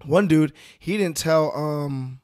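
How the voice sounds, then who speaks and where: A man's voice: fairly high pitch, takes it slowly, darkish tone. A man co-hosting a podcast, casually and agreeably recounting a dating show. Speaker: podcast co-host.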